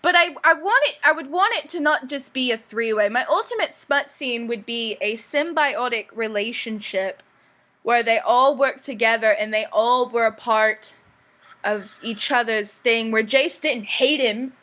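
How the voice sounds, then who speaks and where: A young woman hosts a casual fan podcast from her computer mic on a video call. Her voice is bright and a little high. She runs things briskly and cracks crude, teasing jokes. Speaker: podcast host. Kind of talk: casual chat.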